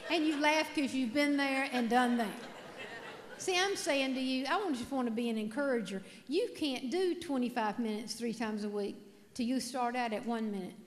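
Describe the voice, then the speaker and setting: A woman's voice: sits high, normal speed, in a large hall, some chatter behind. A middle-aged woman giving a humorous keynote speech, telling folksy, self-mocking stories and putting questions to the audience. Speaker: motivational speaker. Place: large hall with a live audience.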